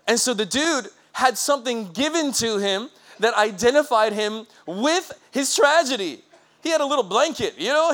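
High-voiced man preaching lively. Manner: lively, conversational preaching with laughs and acted-out quotes. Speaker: pastor. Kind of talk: sermon.

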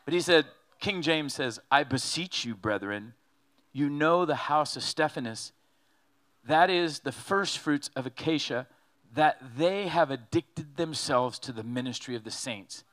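A man preaching a sermon in an animated, joking way, acting out quotes as he goes. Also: a little high, measured pace. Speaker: pastor.

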